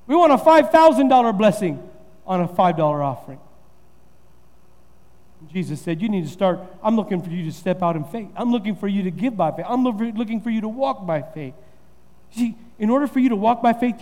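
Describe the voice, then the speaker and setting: A man's voice: high voice, expressive, a little fast, a little mellow, in a large hall. A man preaching a sermon as pastor, repeating and building his points with rising emphasis.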